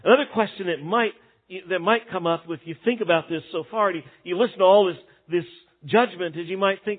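A man's voice: high voice, brisk. Man preaching, tinny phone-like sound. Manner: dynamic preaching, swings from loud to hushed. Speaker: pastor. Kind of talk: sermon.

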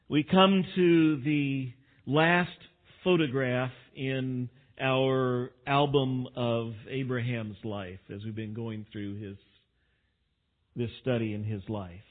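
A man preaching a sermon as a church pastor, in a slow, relaxed delivery. He talks in a folksy way and jokes at his own expense. The recording is thin and phone-like. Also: mid-range voice. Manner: unhurried, folksy, with self-deprecating humor. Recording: tinny phone-like sound.

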